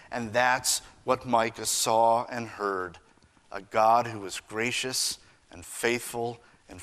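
A man preaching a sermon, earnest, swinging between raised emphasis and hushed lines. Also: fairly low pitch. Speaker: pastor.

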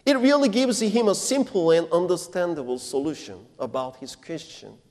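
A male pastor giving a sermon in non-native English phrasing, preaching deliberately and emphatically and putting questions to his congregation. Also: on the high side, lively intonation, darkish tone. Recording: long reverb of a church hall.

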